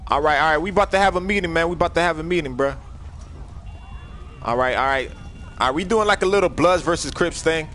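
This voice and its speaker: Loud joking young man streaming a game. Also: fairly high pitch, fast, long pauses, slight background noise. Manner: loud, joking, bossy, swings from shouting to mumbling. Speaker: livestreamer. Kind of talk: casual gaming livestream chat.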